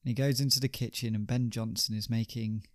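A man's voice: mid-range voice, steady tone, fairly quick, dry recording, clean studio sound. A man hosting a podcast, telling a comic story in a wry, chatty way with rhetorical asides.

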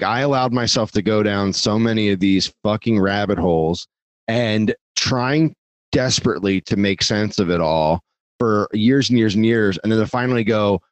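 Low-voiced man rambling casually on a podcast. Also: dry recording. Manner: rambling, profane, self-deprecating. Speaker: podcast guest.

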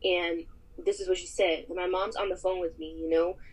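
A woman's voice: fairly low pitch, level tone, brisk, breathy edge. A woman guest on a podcast, casually retelling a personal story over a phone call, rambling with lots of fillers.

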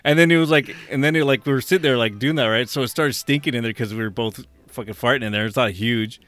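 A man's voice: medium pitch, fast talker, a bit bright, no echo. A man co-hosting a casual podcast, telling profane, rambling stories and laughing along. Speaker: podcast co-host. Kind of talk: casual chat, reading odd news.

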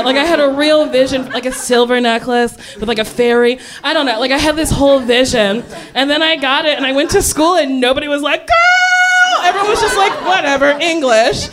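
A young adult woman telling a funny story on a podcast, chatty and giggly, full of "like", acting out the people in it. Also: high voice.

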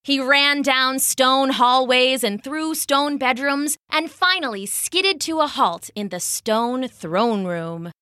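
A woman narrating a children's story in an animated, expressive storytelling manner. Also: sits high, takes it slowly, few pauses, no echo, clean studio sound.

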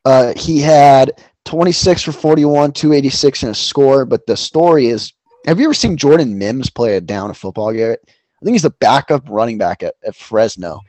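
A man's voice: medium pitch, expressive, moderate pace, a little mellow, no echo. A man co-hosting a casual sports betting chat, loose and profane, rambling through picks with plenty of ums. His voice sits mid-range and sounds dry and close to the mic. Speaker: podcast co-host.

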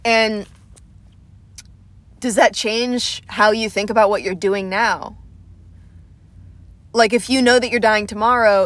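A young woman from Atlanta with a fairly high voice and no room sound hosts her own podcast as a comedian. In a casual solo monologue she rambles, self-deprecating and swearing freely, from a small room at home after the lights went out.

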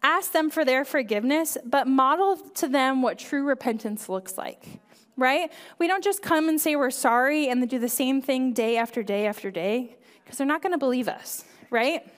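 High-pitched woman preaching at church, earnest, chatty, keeps asking "right?". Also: normal speed, big-room sound. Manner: earnest and conversational, frequent "right?" and "um". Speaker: kids director speaking at church. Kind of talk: sermon talk.

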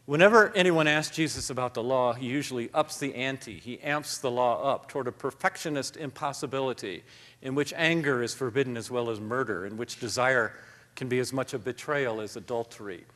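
A man talks onstage as a guest author, his voice ringing out with a long echo through a large hall. His pace is steady, and his delivery is reflective and self-deprecating. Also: medium pitch, fairly quick. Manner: thoughtful, self-deprecating, reads passages aloud. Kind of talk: live onstage conversation.

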